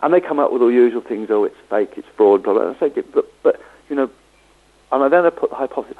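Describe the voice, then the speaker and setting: In a storytelling interview, a man who works as a medium shares anecdotes and acts out the voices of the people he quotes. His mid-range voice is expressive, brisk, and dark in tone, on a rough recording.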